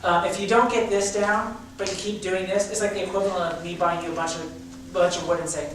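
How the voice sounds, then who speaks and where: Male drama teacher, energetic, coaching a class, booming echo, distant mic. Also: fairly quick, slight background noise. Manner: energetic, coaching, frequent fillers. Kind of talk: leading a class exercise. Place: school drama room with hardwood floor. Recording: very echoey room, far from the mic.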